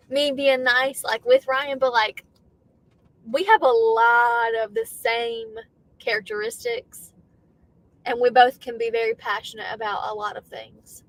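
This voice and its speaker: A woman co-hosting a casual livestream from a car, animated and loud when she gets passionate. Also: high voice, measured pace, vocal fry, rough recording. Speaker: livestream co-host. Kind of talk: casual chat.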